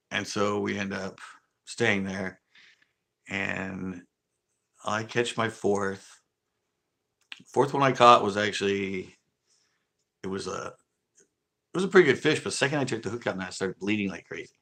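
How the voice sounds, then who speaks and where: A man's voice: on the low side, normal speed, vocal fry, pauses often, bright, forceful tone. A man from California, an angler, casually telling a rambling fishing story on a livestream and acting out what others said. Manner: rambling, acts out quoted dialogue.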